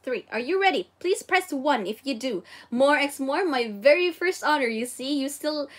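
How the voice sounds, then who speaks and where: A woman's voice: high voice, lively intonation, moderate pace, fairly bright tone. A woman with a Filipino accent hosting a casual livestream Japanese lesson, bubbly and exclaiming often as she reads viewer comments. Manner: bubbly, exclaims and giggles often, code-switches. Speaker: livestream host teaching Japanese.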